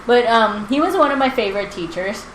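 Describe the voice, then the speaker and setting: A woman in her twenties chatting casually and telling a story, animated, with lots of fillers and acted-out quotes. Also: on the high side, a little fast. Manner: animated, filler-heavy, acts out quotes with laughter. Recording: roomy with background noise.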